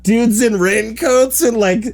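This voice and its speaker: A man's voice: extremely high pitch, slow. A man in his forties, hosting a podcast and telling a long rambling story with lots of "like". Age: 40s. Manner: animated, rambling anecdotes full of "like". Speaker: podcast host. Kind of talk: casual storytelling chat.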